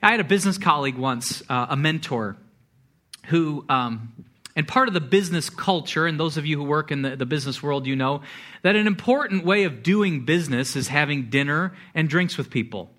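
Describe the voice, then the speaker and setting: A man preaching a sermon as pastor, animated, with repeated words and acted-out quotes. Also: on the high side, brisk.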